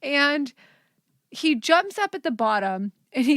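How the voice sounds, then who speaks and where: A woman's voice: sits high, sing-song, unhurried, a bit bright, no room sound. Woman, podcast host, casual chat, laughs a lot, dry recording. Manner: giggly storyteller, laughs often.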